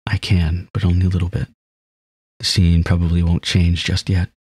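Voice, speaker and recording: A man reading the lines of a strange male shadow creature in a visual novel, giving it flat, clipped replies. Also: low voice, normal speed, slightly rough, no echo, studio quality. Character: strange talking shadow, male, curt and resentful.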